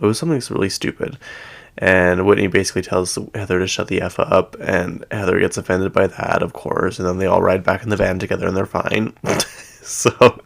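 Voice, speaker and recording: Man, very low voice with fry, casual gossip host recapping reality shows, loose and rambling. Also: a bit bright. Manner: chatty, rambling, heavy use of "like". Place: at home.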